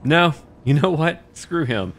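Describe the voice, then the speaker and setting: A man's voice: on the high side, expressive, a little slow, a bit bright, soft background music. A man giving playful, boastful commentary on a roleplay strategy game campaign and mocking the enemy. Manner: playful, boastful trash-talk of enemies. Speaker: gaming YouTuber.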